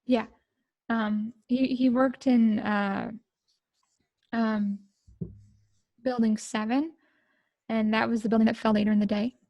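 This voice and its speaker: A middle-aged woman from the United States, a podcast guest telling a personal story in an emotional, halting way with many fillers. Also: fairly high pitch, steady tone, mellow, no room sound, muffled recording.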